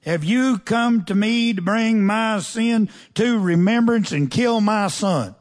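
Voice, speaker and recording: A man with a high-sitting voice preaches a sermon at a slow pace. He reads scripture aloud, then breaks off to put pointed questions to the congregation in a folksy, conversational way.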